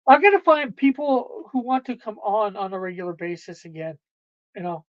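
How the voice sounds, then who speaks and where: A woman's voice: mid-range voice, lively intonation, moderate pace, no echo, muffled recording. A woman hosting a livestream, chatting casually with viewers, rambling and laughing often. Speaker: livestream host.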